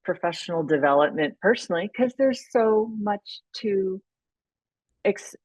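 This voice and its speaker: A woman's voice: mid-range voice, animated, measured pace, a little mellow, no room sound, rough recording. A woman guest on a podcast interview, explaining her ideas thoughtfully and often restarting her sentences. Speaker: podcast guest, leadership consultant. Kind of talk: conversational interview.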